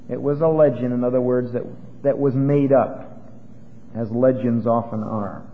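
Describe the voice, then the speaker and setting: A fairly high-voiced man preaching a sermon, rising to loud exhortation and then dropping to near-hushed asides, with scripture quoted in old-style wording. The recording is tinny and narrow like a phone line, with a long hall echo. A faint hiss sits underneath.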